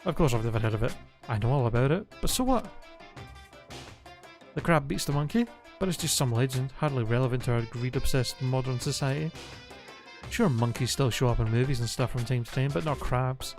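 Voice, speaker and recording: Man reading as a smug scheming bear mascot, gravelly, mocking, game music behind. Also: medium pitch, fairly quick, lightly acted. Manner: mocking, rambling complaint.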